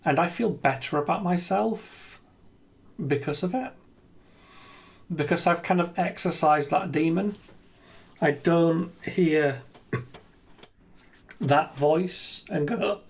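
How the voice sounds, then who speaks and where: A man with a fairly high voice talks slowly and unhurriedly through an ad-libbed monologue. He is earnest and self-deprecating, and he keeps pausing on ums and restarting his sentences. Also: vocal fry, slightly rough. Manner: rambling, hesitant, with frequent ums and restarts. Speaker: gaming video creator. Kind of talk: unscripted reflective monologue.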